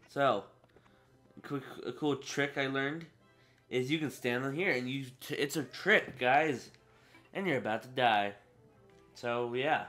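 A man's voice: medium pitch, a bit bright. A teenage boy giving casual let's play commentary, talking to his viewers, getting frustrated and swearing. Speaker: gaming channel host. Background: game music.

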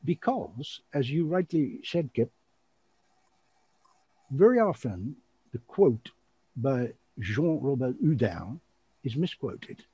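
A man hosting an online show, chatting casually in a rambling, animated way and laughing often. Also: medium pitch, slow, pauses often, slightly rough, dry recording. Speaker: show host and magician.

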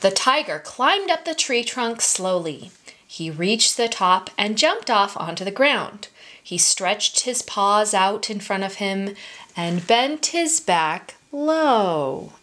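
At story time, a woman with a medium-pitched voice reads a children's storybook aloud, slowly and expressively for small children.

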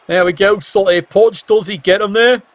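A man's voice: high-pitched, normal speed, lo-fi sound, a little hiss or hum. Wry man calling a game. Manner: wry, exclamatory, teasing the players. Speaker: game commentator. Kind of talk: casual play-by-play commentary.

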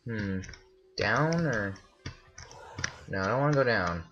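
In a let's play, a man with a fairly low, animated voice comments slowly on his own gameplay, with the highs cut off and slight background noise. He's jumpy, easily startled, and often yelps or shouts in alarm.

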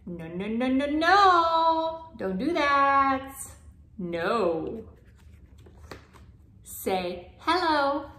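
Brief: woman speech therapist, very slow and sing-song for toddlers, higher voice, echoey room. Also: very animated, bright, forceful tone. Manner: sing-song, playful, drawn-out sounds. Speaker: speech language pathologist. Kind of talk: slow, exaggerated word modeling for toddlers.

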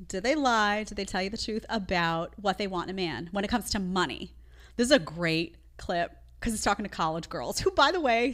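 A woman's voice: mid-range voice, fairly bright tone. A woman hosting a live show, reacting to clips in an emphatic, opinionated way and talking straight to her chat.

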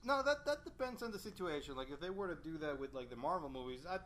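A podcast co-host who talks fast in a slightly high voice. He often stumbles and restarts his sentences, with a faint hiss behind him. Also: expressive, a bit bright. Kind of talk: casual chat.

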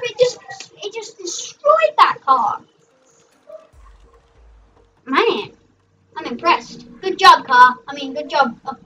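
A young gaming host rambling through excitable let's play commentary, shrieking at what happens in the game. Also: high voice, takes it slowly, pauses often, a little hiss or hum. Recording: dull, distant mic with faint music.

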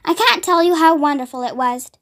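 A woman voicing a gentle, kind young woman teacher in a storybook, soft-spoken. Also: high voice, lively intonation, fairly quick. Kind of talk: read-aloud storybook acting.

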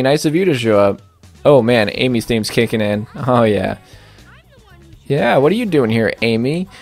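A young man casually commenting on his gameplay, rambling and joking with lots of fillers. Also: a little mellow. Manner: rambling, filler-heavy, jokey, puts on silly high voices. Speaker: let's play host.

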